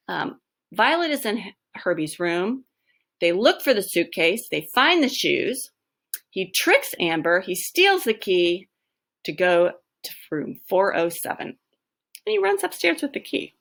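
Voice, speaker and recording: A woman teacher reading a children's novel aloud, stopping to explain her thinking in an expressive, explanatory way. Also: mid-range voice, unhurried.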